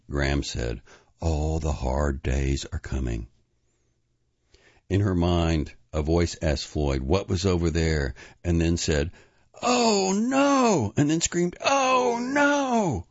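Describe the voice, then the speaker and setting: A man narrating a novel in an expressive storytelling manner, moving between dramatic and hushed delivery. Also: a bass voice, gravelly, no echo, dull audio. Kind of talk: audiobook narration.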